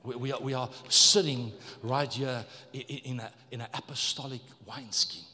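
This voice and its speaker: A man's voice: mid-range voice, moderate pace, pushed and bright, big-room sound. A man preaching a sermon as pastor, emphatic, repeating words and calling on the congregation to respond. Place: church.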